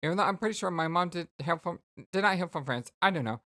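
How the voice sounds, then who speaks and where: A let's play host voicing a bubbly, chatty teenage girl who rambles excitedly, reading game dialogue aloud. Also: mid-range voice, fast. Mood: giddy.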